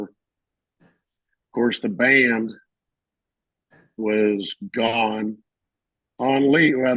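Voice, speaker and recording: A middle-aged man, a veteran, telling his service stories casually and acting out the shouted lines of others. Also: medium pitch, creaky, dry recording, lo-fi sound. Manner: animated, acts out shouted quotes. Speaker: veteran interviewee. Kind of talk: casual storytelling.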